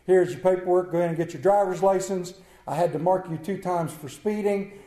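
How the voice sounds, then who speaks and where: A man's voice: high voice, fairly quick, mellow, voice pushed down, lightly acted. A man playing a stern male state trooper examiner who speaks formally and a bit sarcastically. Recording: echoey room.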